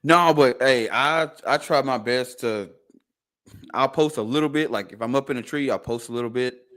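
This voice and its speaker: A man's voice: mid-range voice, moderate pace, fairly bright tone. A man, cracking jokes and laughing in casual chat as a podcast co-host. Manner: laughing, joking asides.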